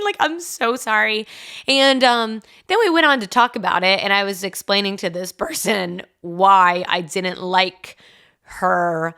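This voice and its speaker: A woman's voice: mid-range voice, a little slow, bright, forceful tone. A young woman in her twenties with a Southern US accent, hosting a podcast alone and telling a personal story in a chatty, frank way full of "like" and swearing. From Mississippi, US South. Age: 20s. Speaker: podcast host. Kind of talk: casual storytelling monologue.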